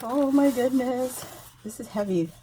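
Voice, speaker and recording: A woman with a fairly high voice talks casually to her viewers while unboxing a package of craft supplies. She gushes, exclaims and laughs often. A faint background noise sits under her voice. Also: measured pace, mellow. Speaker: craft vlogger opening a giveaway package. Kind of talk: excited casual unboxing chat.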